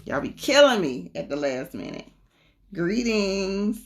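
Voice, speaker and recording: A woman's voice: mid-range voice, sing-song, a little slow, very noisy. A young woman, a spiritual reader, chatting casually on a livestream, greeting viewers and talking to the chat.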